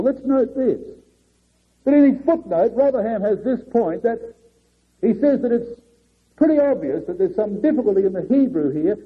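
A man preaching a sermon earnestly, swinging between raised and hushed delivery. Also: extremely high pitch, breathy edge. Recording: muffled lo-fi recording.

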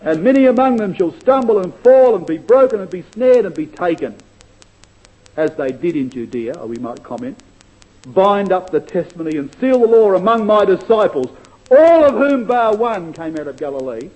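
High-voiced, mellow male preacher. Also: expressive, poor audio. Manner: earnest, emphatic, slows down to stress quotations; varies loudness widely, dropping to near hush. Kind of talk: sermon.

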